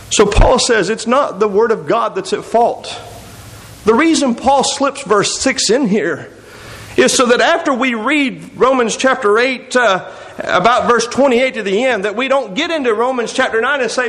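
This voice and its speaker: A man's voice: extremely high pitch, moderate pace, a bit bright, rough recording. A man preaching a sermon, explaining scripture verse by verse and reading passages aloud. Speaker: pastor.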